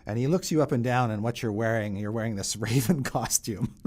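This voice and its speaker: A man narrating a tabletop game as dungeon master, describing scenes unhurriedly with frequent pauses. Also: mid-range voice, darkish tone.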